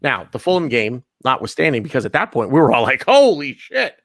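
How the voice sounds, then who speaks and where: A man hosting a casual football postgame chat, blunt and animated, swearing freely. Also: medium pitch, fast, no echo, clean studio sound. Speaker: podcast host.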